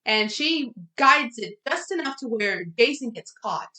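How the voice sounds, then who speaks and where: Animated high-voiced woman co-host. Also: measured pace, reverberant. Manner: animated, chatty, uses many fillers. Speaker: podcast co-host. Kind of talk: casual movie review chat.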